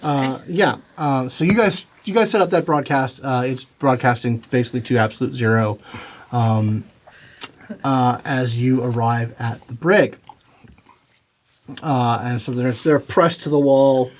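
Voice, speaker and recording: A man narrating as game master in a tabletop game, halting and full of fillers. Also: mid-range voice. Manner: halting, lots of fillers and restarts.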